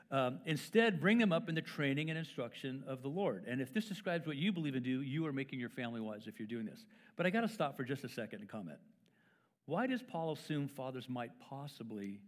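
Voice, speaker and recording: A middle-aged man preaching a sermon in a church, conversational and playful, acting out quoted fathers with stammers and asides. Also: medium pitch. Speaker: pastor. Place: church sanctuary.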